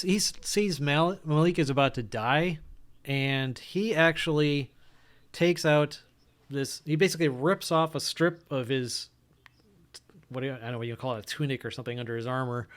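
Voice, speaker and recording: A man narrating as game master of an online tabletop game, relaxed and hesitant, with many fillers and restarts. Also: medium pitch, clean tone.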